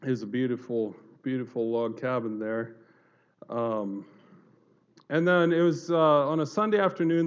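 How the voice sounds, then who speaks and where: A man giving a personal testimony to an audience, telling it in an earnest, halting way with many fillers and restarts. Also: medium pitch, highs cut off. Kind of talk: earnest spoken storytelling to an audience.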